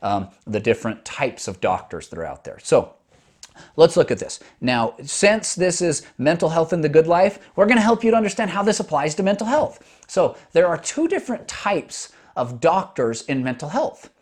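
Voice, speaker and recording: A man's voice: a little high, sing-song, normal speed. A man hosting a podcast, a doctor explaining things step by step in a conversational monologue with frequent restarts.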